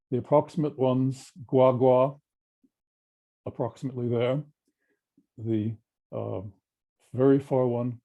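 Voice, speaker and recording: Older Australian male lecturer, very mellow dark tone, measured technical delivery. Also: mid-range voice, dull audio. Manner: measured, technical, explanatory with pauses. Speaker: linguistics lecturer. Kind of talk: academic seminar lecture.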